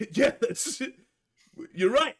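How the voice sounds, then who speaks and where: A man's voice: extremely high pitch, expressive, drawn-out words, a bit bright, breathy edge. A young man playing in a tabletop game, giggling and boasting in character. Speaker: player. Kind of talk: tabletop role-play, casual.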